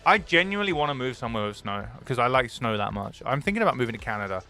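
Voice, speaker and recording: Over soft background music, a young British man talks rapid-fire on a stream in a medium-pitched voice. He's excitable, swears freely and veers from loud enthusiasm into mock gloom and back.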